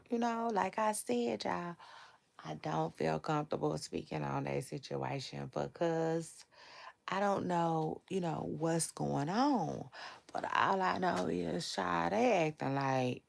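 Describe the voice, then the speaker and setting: A low, creaky-voiced woman hosts a celebrity gossip stream over a livestream setup. She chats casually with her audience, letting her sentences stretch out and wander, and laughs a lot along the way.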